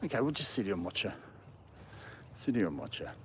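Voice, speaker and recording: A man's voice: on the low side, brisk, slightly rough. Chatty man walking his dog outdoors. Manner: chatty, talks to his dog in a lively sing-song voice. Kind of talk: casual live-stream chat. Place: outdoors in a park. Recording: faint outdoor background noise.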